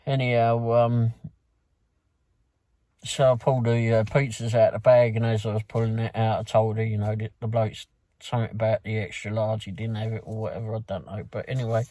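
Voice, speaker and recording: Talking a little fast in a lowish, warm, flat voice, a delivery driver from London rambles through a recap of his night's shifts. The story is loose, packed with fillers and restarts, and recorded dry.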